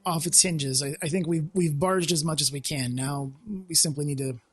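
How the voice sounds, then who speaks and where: A man playing a tabletop game who talks quickly and stammers. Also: on the high side, fairly even intonation, slightly rough. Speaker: player.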